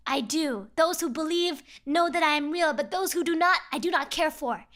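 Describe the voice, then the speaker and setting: A woman's voice: high-pitched, moderate pace, a bit bright. A woman voicing a pompous male demon who speaks in archaic, haughty phrases. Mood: dismissive.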